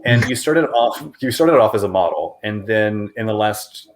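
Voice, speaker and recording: A man's voice: fairly low pitch, animated, moderate pace. A man hosting an interview in a playful, teasing manner, often laughing at his own jokes. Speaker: interview host. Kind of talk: casual interview chat.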